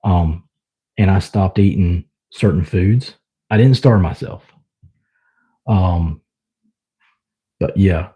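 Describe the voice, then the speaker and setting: Speaking slowly with long pauses, this young man with a Southern US accent has a low, warm, husky voice. He rambles through loose, casual conversation with his live-stream viewers, using lots of fillers.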